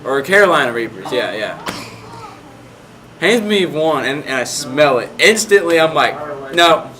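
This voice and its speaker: A man's voice: a little high, sing-song, normal speed, bright, forceful tone. A young man casually telling a rambling story, full of "like" fillers.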